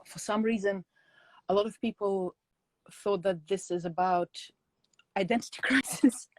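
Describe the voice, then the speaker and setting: A woman on a video call reading her own poems and speaking about them in a hesitant way, with many pauses and fillers. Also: mid-range voice, fairly even intonation, a little mellow, no echo. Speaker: guest poet.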